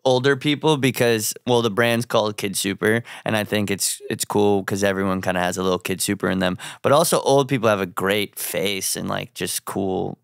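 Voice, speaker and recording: A man's voice: fairly low pitch, moderate pace, creaky, hardly any pauses, dry recording, clean studio sound. A young man, a fashion designer, telling a funny story in casual chat. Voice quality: animated storyteller, acts out quoted voices.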